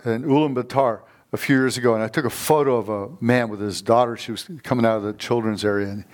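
A man's voice: mid-range voice, a little mellow. A middle-aged man preaching a sermon as a guest speaker in a church. He tells stories with energy and keeps calling out for amens from the congregation. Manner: fired-up, storytelling, calls for amens. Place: church sanctuary.

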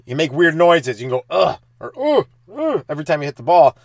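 A man in his thirties hosting a comedy podcast, telling stand-up stories and acting out the people in them with sudden loud, high bursts. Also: very fast, no room sound, studio quality. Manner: animated, acts out kids' taunts with sudden loud high bursts. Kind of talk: comic storytelling monologue.

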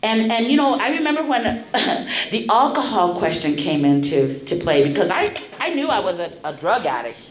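A woman giving candid spoken testimony at a recovery meeting, blunt and profane, telling her story with animated delivery. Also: mid-range voice, normal speed. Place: meeting room. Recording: echoey room, faint noise.

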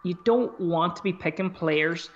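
A man's voice: sits high, a little slow. Casual swearing man on a dull lo-fi mic. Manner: swears freely, talks through squad choices aloud. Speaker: podcast co-host. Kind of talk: casual fantasy football chat.

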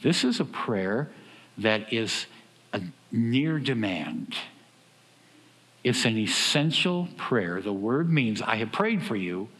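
Male preacher, mid-range voice, lively sermon delivery, big reverberant hall. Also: takes it slowly, slightly rough. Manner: animated, acts out quoted voices with big swings in pitch and loudness.

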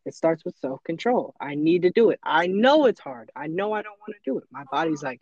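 A man's voice: fairly high pitch, animated, a little fast, hardly any pauses, a little mellow, no room sound, dull audio. A teenage boy in casual chat, earnest and motivational, often acting out his own inner voice. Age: teens. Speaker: podcast co-host.

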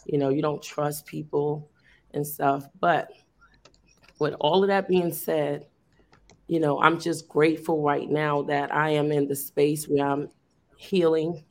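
Gravelly, flat-voiced woman on a video call. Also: low-pitched, unhurried. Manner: earnest, rambling with many fillers and restarts. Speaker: teacher and youth program founder. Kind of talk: casual conversational sharing.

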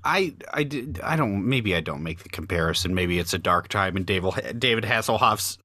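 A man in casual chat, making dry, deadpan jokes. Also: fairly low pitch, moderate pace.

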